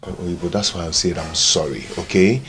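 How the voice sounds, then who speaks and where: An actor playing a smooth-talking young swindler who stammers and pleads in Nigerian English. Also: male voice, deep voice, steady tone, fairly quick, a bit bright, slight background noise. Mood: pleading. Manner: stammering, pleading, eager to placate.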